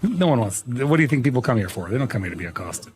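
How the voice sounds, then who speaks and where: A young adult man is live-streaming a game, his mid-range voice very animated and very fast over background noise. He chats casually and laughs often, playfully protesting his innocence with mock indignation.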